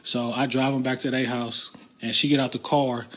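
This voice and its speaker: A man's voice: mid-range voice, level tone, normal speed, a bit bright. A man casually telling a profane personal anecdote. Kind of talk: storytelling.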